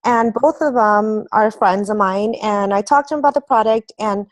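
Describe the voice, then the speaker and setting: A woman's voice: mid-range voice, normal speed, dry recording. A woman asking a question during a group discussion, hesitant and searching for words.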